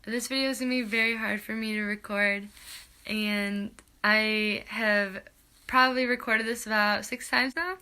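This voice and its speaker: This is a young woman recording a farewell to her college softball teammate, and she is tearful throughout. Her voice is bright and a little sharp. She talks in halting stretches, heartfelt, with frequent pauses. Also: medium pitch, fairly even intonation, smooth. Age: young adult.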